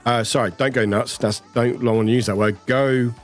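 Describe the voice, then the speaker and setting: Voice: medium pitch, fairly even intonation, faint music behind. A streamer chatting casually with viewers, reading out chat and greeting people, with a lingering cough. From United Kingdom. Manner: chatty, rambling, warm toward chat, quick laughs.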